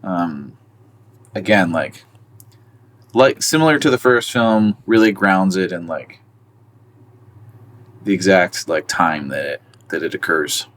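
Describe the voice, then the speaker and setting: Deep-voiced man chatting hesitantly. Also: lively intonation, slow pace, pauses often, fairly bright tone. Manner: rambling, hesitant, full of fillers. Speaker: podcast co-host. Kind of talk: casual film discussion.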